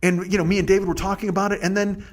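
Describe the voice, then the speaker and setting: Brief: forties male podcast host, higher voice, profane self-mocking rant, rambling. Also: level tone, rapid-fire. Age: 40s. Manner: profane, ranting, self-deprecating; rambling with restarts, laughing. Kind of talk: casual comedic monologue.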